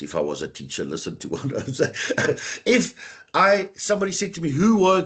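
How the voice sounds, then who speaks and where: A man's voice: fairly low pitch, breathy edge. A man teaching a live online computer class, chatty and encouraging, talking straight to his students.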